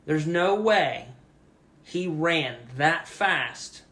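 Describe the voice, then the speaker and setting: A man's voice: fairly high pitch, very slow. Young man telling a wild story. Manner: profane, animated retelling with loud shouted quotes. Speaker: podcast co-host. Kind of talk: casual storytelling.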